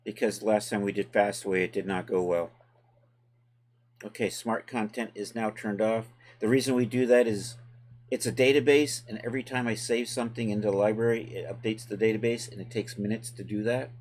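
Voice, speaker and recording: Low-voiced man casually thinking aloud. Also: a little fast. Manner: relaxed, chatty, talks to chat while working. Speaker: livestream host and 3D software tutor.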